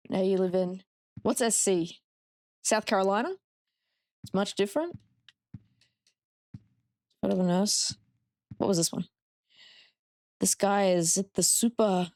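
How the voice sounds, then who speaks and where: Young Australian woman, game streamer, mid pitch, dry close sound, chatty and blunt. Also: a little mellow, no echo. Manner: chatty, reading out chat, frank with swearing. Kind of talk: casual gameplay commentary.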